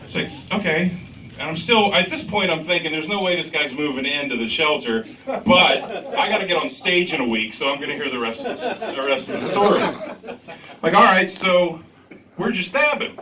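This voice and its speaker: A man doing stand-up comedy, telling a story in a deadpan way and acting out the other man's lines in an agitated voice. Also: a little high, fairly quick, a crowd in the background. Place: comedy club stage. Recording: echoey club recorded from a distance.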